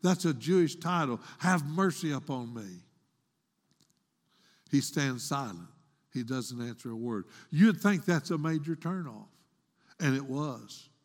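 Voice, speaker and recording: With lively intonation and an unhurried pace, this mid-range man delivers a dramatic church sermon, heard through long hall reverb. As he retells a story, his voice climbs into pleading, and he speaks the quoted woman's lines in a raised pleading tone.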